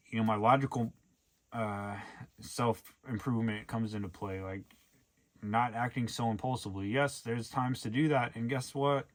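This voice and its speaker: A young man talking earnestly in a rambling way, with lots of fillers, in a casual personal vlog monologue. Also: fairly low pitch. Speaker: vlogger.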